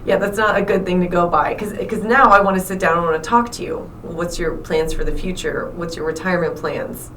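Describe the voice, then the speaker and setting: A woman's voice: on the low side, steady tone, a bit bright, reverberant, far from the mic, a little hiss or hum, poor audio. A woman from South Florida hosting a radio morning show, with playful, teasing banter. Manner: playful, teasing, quick to laugh. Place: radio studio.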